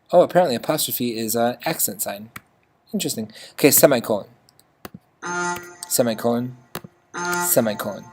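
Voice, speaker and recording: A chatty music teacher walking through a notation lesson on screen, forever asking "okay?" and humming bits of the tune. The voice sits at an ordinary middle pitch. Faint instrument playback sounds behind the talk. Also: moderate pace, long pauses, a little mellow. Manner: chatty, checks in with frequent "okay?", sings notes.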